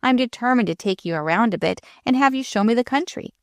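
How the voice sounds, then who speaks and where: A woman's voice: a little high, lively intonation, fast, dry recording, voice pushed up. Lady voicing a bored rich young guy, condescending and eager, very dry sound. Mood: smug.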